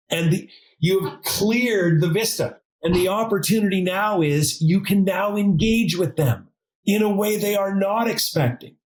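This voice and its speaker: A man's voice: high-pitched, low-quality recording. A man being interviewed as a guest, telling stories casually and acting out dialogue with jokey asides. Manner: animated, acts out dialogue in quotes, jokey asides. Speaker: podcast guest, advisor consultant.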